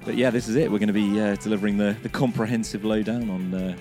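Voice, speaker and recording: A man co-hosting a casual cricket podcast outdoors, slightly hoarse from laryngitis, chatty and self-deprecating with many restarts. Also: lowish voice, fairly even intonation, quick pace, dark tone, soft background music. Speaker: podcast co-host. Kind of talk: casual chat. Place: outdoors, sunny and breezy.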